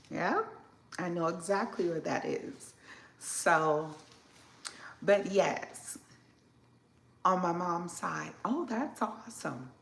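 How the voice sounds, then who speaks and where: A woman from southern Illinois hosting a casual live stream from her home kitchen, unhurried and chatty as she answers viewers with plenty of fillers. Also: lowish voice, gravelly, fairly bright tone, roomy sound. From southern Illinois, Midwest.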